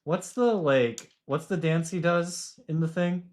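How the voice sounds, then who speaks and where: A person chatting casually on a live stream, throwing in quick exclamations and sarcastic asides. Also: medium pitch, a little mellow.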